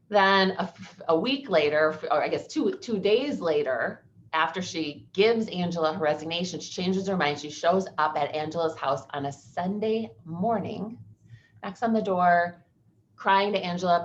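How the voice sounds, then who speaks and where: Low-voiced woman lecturer. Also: moderate pace, dull audio, a little hiss or hum. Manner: conversational, animated storytelling. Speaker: employment attorney presenter. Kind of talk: legal seminar presentation.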